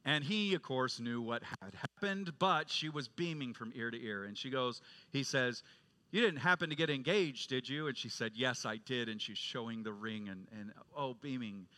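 A man preaching a sermon as pastor, moving from loud proclaiming to quiet storytelling. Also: medium pitch, moderate pace. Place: church sanctuary.

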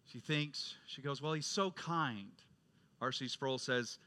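A man preaching a sermon as pastor, moving from loud proclaiming to quiet storytelling. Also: medium pitch, moderate pace. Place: church sanctuary.

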